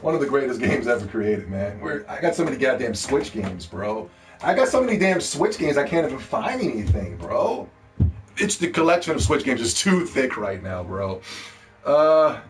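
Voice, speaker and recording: A young man hosting a live gaming stream, ranting casually and playfully with lots of swearing and bursts of shouting. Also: on the high side. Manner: animated, profane, playful shouting.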